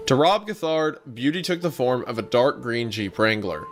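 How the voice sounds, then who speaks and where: Animated Southern man reading stories aloud. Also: medium pitch, moderate pace, soft background music. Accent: Southern American. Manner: animated, laughs often, reads aloud with asides. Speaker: podcast host. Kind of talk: casual comedic story reading.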